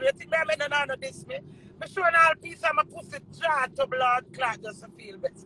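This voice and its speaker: A woman's voice: sits high, gravelly, bright, forceful tone, a little hiss or hum, poor audio. Fiery Jamaican woman ranting. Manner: heated, profane, repetitive cursing. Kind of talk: angry ranting monologue.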